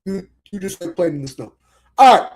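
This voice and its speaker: A man's voice: high voice, fast, dark tone. A man co-hosting a casual sports chat, barking orders at players in a mock drill-sergeant manner. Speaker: podcast co-host.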